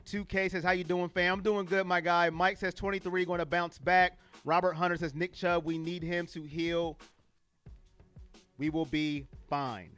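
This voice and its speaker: A man's voice: high voice, steady tone, normal speed, a bit bright, clear, resonant tone, faint music behind. A man from California hosting a sports fan livestream, talking casually and emotionally, laughing easily and greeting viewers as he reads their comments. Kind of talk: casual livestream talk reading chat comments.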